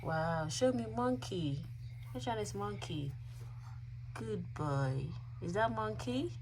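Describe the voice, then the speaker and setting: At home at night, a young mother vlogs while coaxing her toddler to name animals, teaching words, and candidly tells the camera how tired she is. Her mid-range voice is animated, slow and a little mellow. The home recording is noisy.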